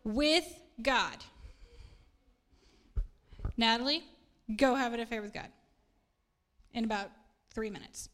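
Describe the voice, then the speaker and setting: A woman's voice: a little high, fairly even intonation, moderate pace, long pauses, a bit bright. A middle-aged woman pastor, preaching a casual sermon in an earnest, chatty way and laughing at herself now and then.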